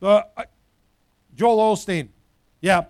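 A man preaching a sermon in a high, forceful voice, climbing toward shouting on his main points and falling back to muttered asides. The pastor's voice is close and dry, with no room around it. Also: takes it slowly, no echo.

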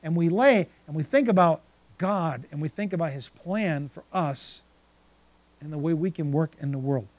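A man's voice: fairly high pitch, moderate pace, darkish tone. A man preaching a sermon, reading scripture passages aloud and then stopping to reflect on them.

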